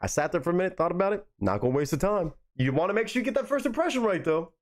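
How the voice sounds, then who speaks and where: An excitable young man reacts live to songs, his pitch leaping up and down as he goes. He swears freely and repeats lines back in disbelief. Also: very fast. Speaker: music reaction streamer.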